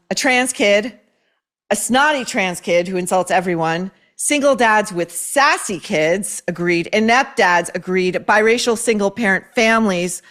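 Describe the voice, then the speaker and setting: A woman hosting a podcast, reading advice letters and listener emails aloud and answering them with blunt, sarcastic, profane commentary. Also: medium pitch. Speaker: podcast host.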